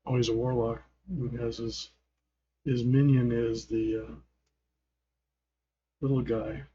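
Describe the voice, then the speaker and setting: A man's voice: mid-range voice, flat delivery, takes it slowly, warm tone, slightly rough, dull audio. A man hosting a gaming channel, giving casual gameplay commentary in a rambling way, often trailing off and chuckling.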